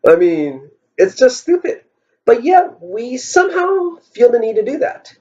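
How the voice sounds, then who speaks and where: A man's voice: high voice, big pitch swings, normal speed, a little mellow. A man vlogging in a rambling, wry storytelling style, musing aloud and asking rhetorical questions, on a dull lo-fi recording. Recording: dull lo-fi sound.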